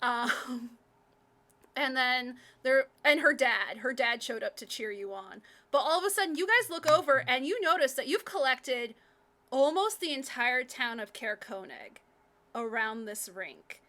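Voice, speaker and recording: A woman running a live tabletop game as game master, telling the action in an excitable, laughing way. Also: high-pitched, a little slow.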